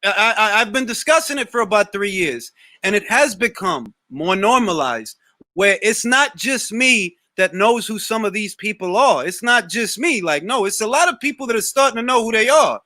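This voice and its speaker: Man, young adult, casual live Q&A host, high pitch, lively swooping delivery, repeats words. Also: moderate pace, no room sound, clean studio sound. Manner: animated, slangy, repeats words when starting a thought. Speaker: boxing talk show host.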